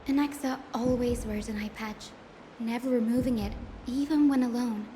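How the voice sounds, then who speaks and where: An actress voicing an earnest young woman in a fantasy game, recounting events in an animated storytelling way. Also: a little high, moderate pace, slight background noise, lightly acted. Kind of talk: game character dialogue. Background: game music.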